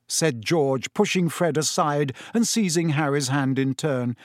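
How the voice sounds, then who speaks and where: A man narrating a storybook aloud, expressive and voicing each character. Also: on the high side, moderate pace, hardly any pauses, dry recording, studio quality. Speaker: audiobook narrator.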